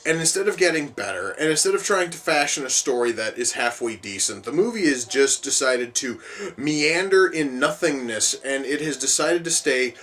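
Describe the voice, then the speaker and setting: A man's voice: mid-range voice, lively intonation, normal speed, a bit bright, far from the mic. Foul-mouthed exasperated man ranting. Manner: exasperated, swears heavily, rambling with restarts. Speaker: movie reviewer. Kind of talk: profane movie reaction rant.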